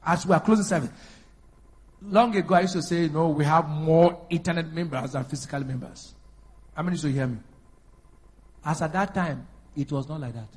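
A pastor preaching a sermon in a high, husky voice. He calls out questions for the congregation to answer and swells into loud, emphatic declarations. His delivery moves between quiet asides and forceful preaching. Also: a little fast, long pauses. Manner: preaching with call-and-response, rising to loud emphatic bursts.

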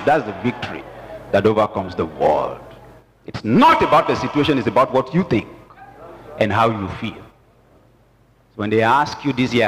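A man's voice: medium pitch, lively intonation, normal speed, slight background noise. A man preaching a sermon with emphatic call-and-response to the congregation. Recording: long church reverb with music.

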